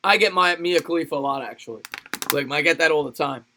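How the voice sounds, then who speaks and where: This livestream host calls football play-by-play in a casual style, trading chat replies with viewers between plays and laughing a lot. His voice sits on the high side and comes out fast, bright and forceful.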